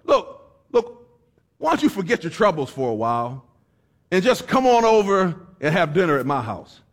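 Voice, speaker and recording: A man's voice: high-pitched, big pitch swings, moderate pace, full character voice. A man voicing a friendly older farmer who keeps coaxing a boy to come to dinner.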